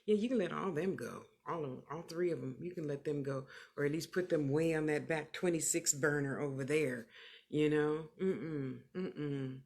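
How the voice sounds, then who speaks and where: Low-pitched and speaking at normal speed, this clairvoyant medium gives casual readings on a livestream. Her manner is sassy and motherly, animated and emphatic, with phrases frequently repeated to drive points home.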